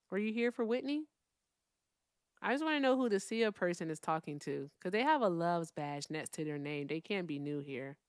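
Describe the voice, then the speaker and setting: A woman hosting a live call-in stream, chatting casually and swinging between loud remarks and hushed asides. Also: on the low side, expressive, normal speed, clear, resonant tone, no room sound, studio quality. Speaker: livestream host.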